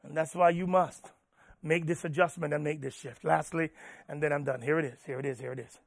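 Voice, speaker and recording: Pastor, male, high voice, dynamic preacher who drops to a hush for stories, dry close mic. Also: steady tone, brisk, creaky, no echo. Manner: preaching with swells from loud urging to hushed storytelling. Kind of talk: sermon.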